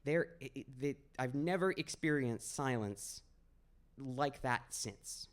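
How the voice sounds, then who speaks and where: A young man in his twenties from Maine tells a personal story on a small stage at a live storytelling event. His medium-pitched voice moves slowly, and his delivery is conversational, wry and self-deprecating.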